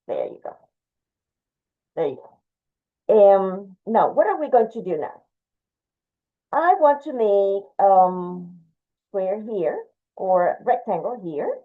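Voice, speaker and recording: Patient woman teaching drawing, tinny sound. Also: mid-range voice. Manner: patient, explains step by step, talks while drawing. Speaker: art teacher. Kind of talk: drawing lesson, demonstrating. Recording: tinny phone-like audio.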